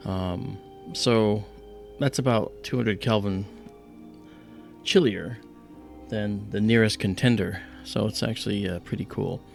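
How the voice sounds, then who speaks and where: A man with a lowish, gravelly voice hosts a live astronomy stream. He rambles through his explanations with plenty of ums and restarts. Faint music plays behind him. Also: fairly even intonation, measured pace. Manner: rambling, many fillers and restarts. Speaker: astronomy livestream host.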